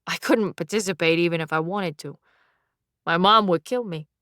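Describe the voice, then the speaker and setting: A man's voice: high voice, moderate pace, sharp tone, dry recording, studio quality. A woman voicing a bitter, defensive young male alchemist in an audiobook. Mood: wistful. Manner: defensive, wistful. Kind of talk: audiobook dialogue.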